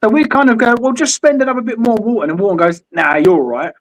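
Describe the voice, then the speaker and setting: A man's voice: high voice, fast. A man co-hosting a football fan stream, teasing the others and swearing freely. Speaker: co-host. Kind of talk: casual fan podcast banter.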